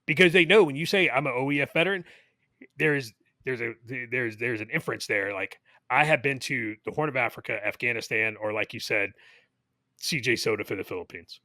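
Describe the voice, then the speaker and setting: A man's voice: mid-range voice, brisk, bright, forceful tone, no echo. A man co-hosting a casual podcast, talking in an emphatic, indignant way. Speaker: podcast co-host. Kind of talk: casual chat.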